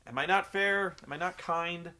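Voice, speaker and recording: A man's voice: high voice, normal speed, pushed and bright. A young man recapping a wrestling show in a sarcastic, profane, rambling comedic commentary.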